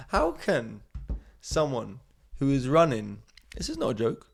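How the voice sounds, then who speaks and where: A man hosting a comedy podcast, rambling through a sarcastic monologue. His voice is gravelly and his pitch sits mid-range. His delivery is loose, with frequent asides that trail off. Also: huge pitch swings, slow.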